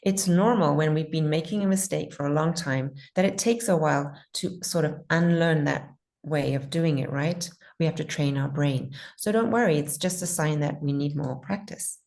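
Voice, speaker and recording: A woman teaching pronunciation in an online class, patiently modeling words slowly and repeating them. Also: sits low, creaky, a little mellow.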